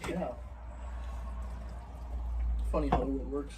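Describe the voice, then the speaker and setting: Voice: medium pitch, fairly even intonation, slow, far from the mic, heavy background noise. A guest at a casual mukbang in a home kitchen, playful and self-mocking.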